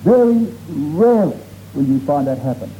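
In a sermon to his congregation, a man speaks with a very animated voice on the high side at a moderate pace. He sounds earnest and emphatic, stretching key words for stress, on a dull lo-fi recording with faint noise.

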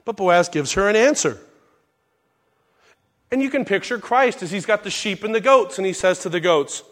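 High-voiced man preaching a Bible study. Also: expressive, normal speed, pauses often, a bit bright. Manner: reads scripture aloud in King James wording, with asides and self-corrections.

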